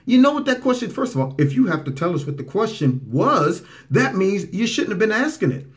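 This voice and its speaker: Animated man mocking in swooping tones. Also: a little fast. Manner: animated, mocking, swoops into high voices for impressions. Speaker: commentary show host. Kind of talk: political commentary over played clips.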